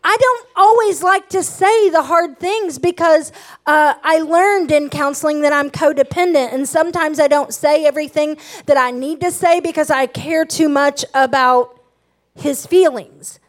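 Very high-voiced emphatic woman preaching. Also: moderate pace. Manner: emphatic, passionate, self-revealing. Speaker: pastor's wife and co-pastor. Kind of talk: sermon on marriage.

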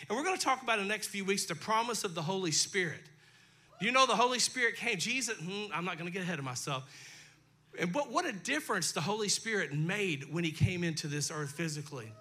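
A man's voice: sits high, expressive, fairly quick, bright, forceful tone. A male pastor preaching a sermon in a folksy, conversational way, talking directly to his congregation, his throat dry. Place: church sanctuary.

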